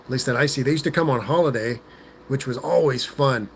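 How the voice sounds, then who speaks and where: Socal dude chatting on a stream, says like and rad a lot, talking into a handheld phone. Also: male voice, mid-range voice, fairly quick, gravelly, a little hiss or hum. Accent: Southern Californian. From Southern California. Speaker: host reading live chat. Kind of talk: casual livestream chat. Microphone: phone held in hand.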